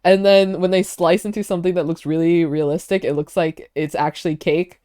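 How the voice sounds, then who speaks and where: A woman streamer chatting casually while reacting to clips, excitable and quick to laugh and gush. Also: lowish voice, no room sound, clean studio sound.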